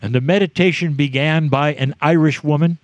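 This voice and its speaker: A man channels a spiritual message for a live audience, addressing listeners directly in short, measured phrases. His voice is slightly high with fairly even intonation, and the recording has no echo.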